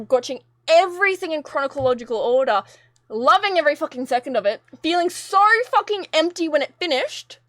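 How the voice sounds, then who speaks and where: A young woman with a very high, slightly bright voice rants casually to her live stream chat, rambling, exasperated and swearing freely. Her voice is close and dry on the mic, with no room sound.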